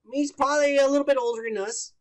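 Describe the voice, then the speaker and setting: A man's voice: extremely high pitch, fairly even intonation, rapid-fire. A young man co-hosting a casual podcast, profane and mocking as he reads out news stories. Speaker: podcast co-host. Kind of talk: casual drunk banter.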